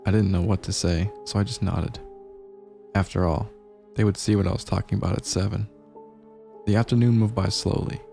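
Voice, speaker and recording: A man narrating a horror story in a measured, grave storytelling manner. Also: on the low side, steady tone, vocal fry, warm tone. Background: faint gameplay music.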